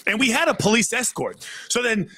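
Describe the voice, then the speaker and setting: A man hosting a podcast over a video call, telling stories in a rambling, animated way. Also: very high-pitched, brisk. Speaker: podcast host. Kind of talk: casual storytelling chat.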